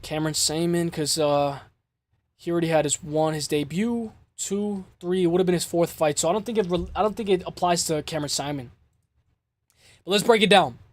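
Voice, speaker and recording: A man hosting a casual MMA show, breaking down fights in an excitable way, swearing and repeating himself. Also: on the high side, fairly quick. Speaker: MMA podcast host.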